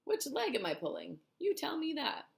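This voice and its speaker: A woman's voice: high voice, wildly swooping pitch, normal speed, vocal fry, pitched above the performer's own voice, heavily acted. A woman voicing a boastful, rascally male centipede in a storybook reading, bragging and gleeful.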